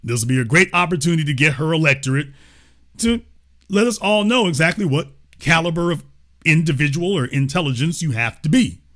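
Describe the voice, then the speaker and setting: A man's voice: a little high, animated, a little fast, fairly bright tone. A man hosting a livestream political commentary show, talking in a mocking, sarcastic way. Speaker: show host.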